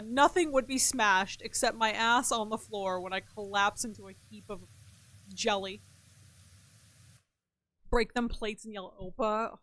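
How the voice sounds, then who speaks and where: A young woman streams a game and talks with her chat in a bright, slightly high voice. She is animated and jokey, jumping from loud outbursts to low muttered asides. The sound is close and dry, with no room around it. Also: dry recording. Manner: animated, laughing, swings between loud outbursts and mumbled asides; reads chat messages aloud. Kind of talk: casual chat with stream chat while gaming.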